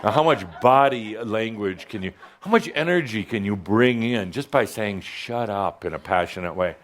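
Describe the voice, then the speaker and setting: Playful, teasing man with a lively voice. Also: on the low side, moderate pace. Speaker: channeler addressing a live audience. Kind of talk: channeled spiritual talk. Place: live gathering with an audience.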